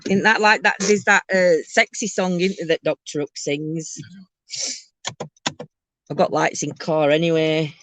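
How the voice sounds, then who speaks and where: The host of a ghost tour show, a woman with a low-pitched, level voice and measured pace, chats casually from a moving car, rambling, laughing, and saying um a lot. It's captured on a handheld camera with no echo.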